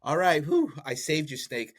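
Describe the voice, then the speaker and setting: A man's voice: on the high side, huge pitch swings, moderate pace, pitched above the performer's own voice. A man voicing a sly, unrepentant male farmer in a told folk tale. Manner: casual, offhand.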